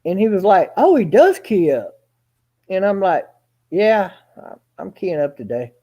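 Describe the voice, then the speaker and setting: A man's voice: high voice, sing-song, unhurried, dull audio. A man telling a long personal story in a casual, rambling, folksy way, swearing now and then and acting out each line of dialogue. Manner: rambling, folksy, profane, acts out quoted dialogue. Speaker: guest storyteller.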